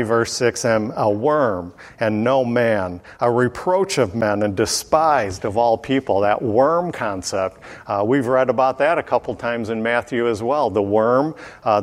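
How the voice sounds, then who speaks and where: A man teaches the Bible verse by verse in an unhurried way, often pausing with fillers and clearing his throat. His voice is medium-pitched, and the sound has a big-room quality.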